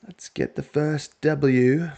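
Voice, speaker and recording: A man giving casual let's-play commentary on a football management game, joking to himself and shouting when his team scores. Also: on the high side, takes it slowly, vocal fry. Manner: excitable, jokes to himself, shouts at goals. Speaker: video game player.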